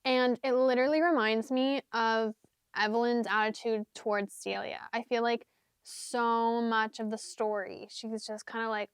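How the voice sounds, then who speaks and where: A woman's voice: fairly high pitch, fairly even intonation, moderate pace, smooth, dry recording. Chatty, rambling young woman vlogger. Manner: chatty, rambling, many fillers and "like"s; half-sings lyrics. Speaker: book vlogger. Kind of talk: casual chat.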